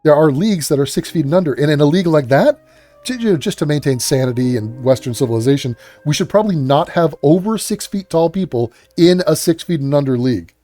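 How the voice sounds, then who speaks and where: A man's voice: fairly high pitch, expressive, fast, dark tone, soft background music. A man hosting a reaction commentary, ranting with exasperated, sarcastic and profane outbursts. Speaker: commentary host.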